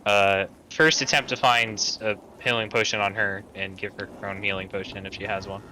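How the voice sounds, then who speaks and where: A man with a fairly low voice and a very bright, sharp edge to it plays an online tabletop game. He talks calmly and steadily, stepping into his character's lines now and then. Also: moderate pace, slight background noise, rough recording. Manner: calm, steady, speaks partly in character. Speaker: player.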